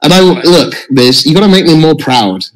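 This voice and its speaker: Teasing man with lively pitch. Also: moderate pace, low-quality recording. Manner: teasing, mocking banter. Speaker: streamer. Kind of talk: casual trash talk.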